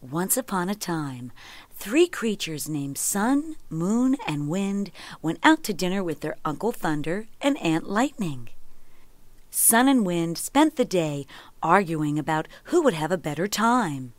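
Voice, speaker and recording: Slow, expressive woman reading a children's story. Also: lowish voice, no room sound. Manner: gentle, expressive read-aloud with voiced characters.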